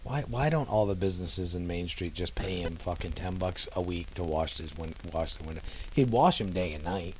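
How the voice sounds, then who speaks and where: Blunt low-voiced man, casual chat. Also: lively intonation, moderate pace, darkish tone, slight background noise. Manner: blunt, swears casually, laughs. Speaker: podcast co-host.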